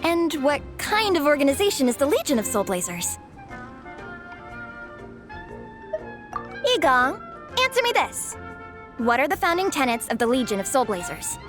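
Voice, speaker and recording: An actress playing a theatrical young student and comic-book fan in a game, talking in an expressive, dramatic manner. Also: female voice, high-pitched, brisk, over music. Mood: mock-solemn. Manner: theatrical, pleading then mock-solemn.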